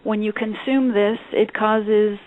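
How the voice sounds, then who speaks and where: A woman's voice: medium pitch, fairly even intonation, dry recording. Sarcastic woman co-host on a phone line. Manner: sarcastic, halting with repeated restarts. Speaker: radio show co-host. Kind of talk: opinionated call-in talk. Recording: tinny phone-line audio.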